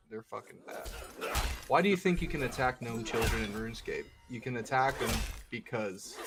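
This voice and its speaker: A man's voice: mid-range voice, heavy background noise. A man chatting casually on a live game stream, rambling and crude with a joking tone.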